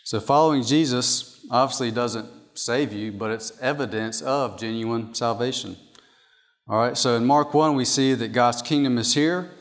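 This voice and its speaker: A man's voice: mid-range voice, normal speed. Man preaching in a reverberant hall. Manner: emphatic, repeats key points. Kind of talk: sermon teaching from an outline.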